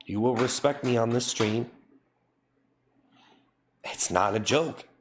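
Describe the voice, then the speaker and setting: A man's voice: medium pitch, slow pace, slight background noise. A man streaming live, reading chat and scolding his viewers in a mock-stern, repetitive way. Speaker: livestreamer.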